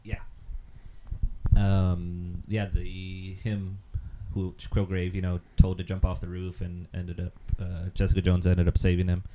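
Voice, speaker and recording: A man's voice: deep voice, completely flat delivery, measured pace, muffled recording, noisy background. A man co-hosting a casual chat, rambling through an anecdote with lots of ums and easy laughs. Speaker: podcast co-host.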